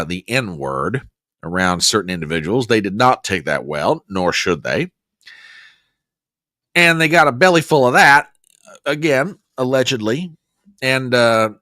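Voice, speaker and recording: A man's voice: mid-range voice, bright, forceful tone, no room sound, clean studio sound. A man hosting a casual news commentary show, rambling with sarcastic, joking asides. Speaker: host.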